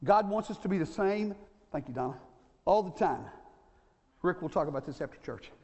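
A man's voice: sits high, lively intonation, moderate pace, background noise. A man in his sixties preaching a sermon, folksy, repeating his key points and checking in with the congregation. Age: 60s. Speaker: pastor. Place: church sanctuary. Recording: long church reverb.

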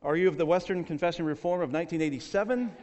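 A man's voice: fairly high pitch, racing, a little mellow, a little hiss or hum, pitched above the performer's own voice, lightly acted. A man voicing an eager, chatty male mountain climber who keeps asking questions about doctrine. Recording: long reverb of a large hall.

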